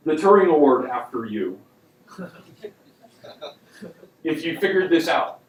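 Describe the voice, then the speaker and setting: A university lecturer speaks casually and wryly, with frequent ums and words he leans on, his fairly high voice sing-song at a moderate pace with many pauses. The lecture hall recording is echoey and distant.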